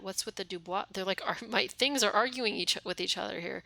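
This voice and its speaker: Bright-voiced woman streamer reading game text. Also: medium pitch, fairly quick, gravelly, hardly any pauses, no room sound. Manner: reads narration aloud then reacts in casual asides. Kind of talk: reading game text aloud while playing. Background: game music.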